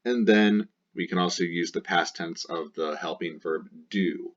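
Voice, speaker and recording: A man's voice: low voice, measured pace, hardly any pauses. A man teaching a grammar lesson, explaining step by step and drilling endings aloud in rhythmic lists. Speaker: Latin teacher. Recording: dull lo-fi recording.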